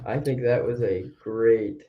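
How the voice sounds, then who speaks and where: A man's voice: medium pitch, steady tone, unhurried. A man co-hosting a livestream, upbeat and chiming in with short replies. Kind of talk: casual livestream chat. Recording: dull lo-fi sound.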